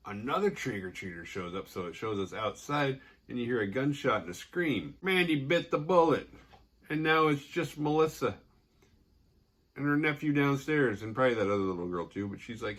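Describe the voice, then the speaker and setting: A man's voice: on the low side, moderate pace, fairly bright tone. A man hosting a horror movie podcast, casually recapping the plot with profanity and sarcasm and acting out the characters' lines.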